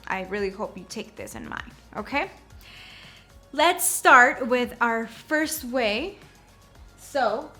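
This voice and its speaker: Slow-talking young woman giving a how-to. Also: on the high side, fairly bright tone. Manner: slow, repeats words and checks in with "okay?". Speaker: shapewear presenter. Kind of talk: casual how-to demonstration.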